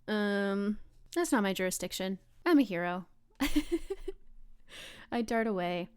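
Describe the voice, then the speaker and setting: A woman's voice: mid-range voice, expressive, slow, clean tone. A woman narrating her superhero's actions as a player in a tabletop game, rambling and restarting. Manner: rambling, with restarts and soft asides.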